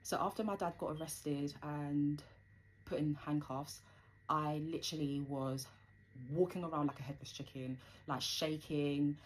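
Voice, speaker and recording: A woman's voice: low-pitched, fairly even intonation, measured pace, slight background noise, low-quality recording. A young woman telling a personal story in a rambling, conversational way with plenty of fillers.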